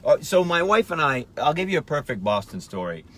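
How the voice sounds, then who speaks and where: A man's voice: on the high side, brisk. A middle-aged man from Maine, a comedian telling jokey stories in casual chat inside a car. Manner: joking storyteller, animated. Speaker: comedian guest.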